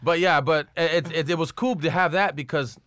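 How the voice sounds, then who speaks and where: Guest, male skater from Los Angeles, animated profane storyteller, somewhat high voice, dry mic. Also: a little fast, no echo. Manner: profane, street slang, animated retelling. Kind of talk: casual storytelling.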